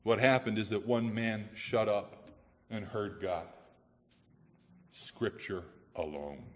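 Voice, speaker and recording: A man's voice: lowish voice, fairly even intonation, takes it slowly. Dramatic preacher man in a reverberant hall. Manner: dramatic, swings from loud to hushed. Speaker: pastor. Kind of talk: sermon. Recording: dull sound with long hall reverb.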